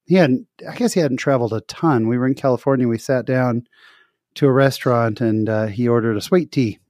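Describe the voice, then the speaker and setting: A man's voice: medium pitch, fairly quick, darkish tone, no echo, studio quality. A man hosting a casual interview, chatty and repetitive, who acts out the people in his own stories. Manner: chatty, repeats words, acts out voices in anecdotes. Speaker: interview host.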